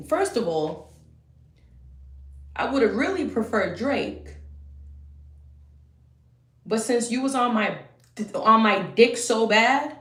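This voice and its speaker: A young woman telling a story in a heated, profane rant that swings between loud outbursts and low muttering. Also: roomy sound.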